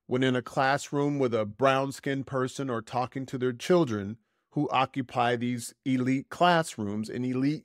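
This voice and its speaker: A podcast host, a man, reads a prepared commentary in a steady middle register. He is deliberate, slowing right down on the words he wants to land. The sound is dry and close, with no room in it. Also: mid-range voice, no echo. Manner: measured, deliberate, slows to stress key words. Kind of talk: reading a prepared essay.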